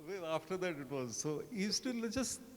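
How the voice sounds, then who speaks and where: Panel guest, male, somewhat high voice, chatty storyteller, reverberant event hall. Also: sing-song, normal speed. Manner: chatty, tags sentences with "right?". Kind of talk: anecdotal storytelling. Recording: long reverb of a large hall.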